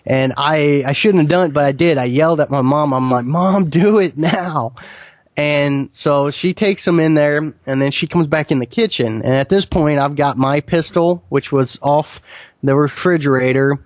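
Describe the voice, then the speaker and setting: This man's voice sits a little high, and he speaks at a moderate pace while earnestly describing a frightening experience as an interview guest. His vivid first-person account often restarts mid-sentence. There is no echo, and the highs are cut off.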